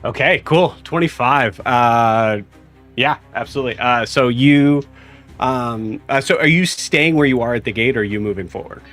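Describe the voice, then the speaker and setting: A young man narrating as game master, halting and full of fillers as he describes the scene. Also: medium pitch, fairly bright tone, faint music behind.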